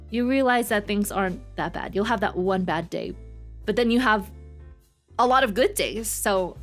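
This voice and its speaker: A woman in her twenties, a streamer and nurse, chatting casually and rambling, repeating words for emphasis. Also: mid-range voice. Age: 20s. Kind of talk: casual chat.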